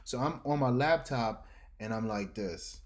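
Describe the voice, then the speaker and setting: A man from New York telling stories as a podcast guest, lively, jumping into exaggerated voices when he quotes himself. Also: mid-range voice, unhurried. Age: adult with a school-age son. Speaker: guest artist. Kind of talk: casual storytelling.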